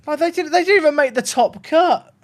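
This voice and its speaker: A man's voice: very high voice, a little fast. A man livestreaming a football management game, talking to his chat in a despairing, dramatic way and swearing. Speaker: streamer. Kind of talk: casual livestream gaming commentary.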